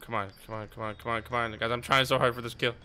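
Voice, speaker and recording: A man's voice: medium pitch, little pitch movement, fast, pushed and bright, slight background noise. A man giving casual, jokey commentary on a game he is playing, talking to his viewers and now and then putting on silly voices. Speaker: gaming YouTuber.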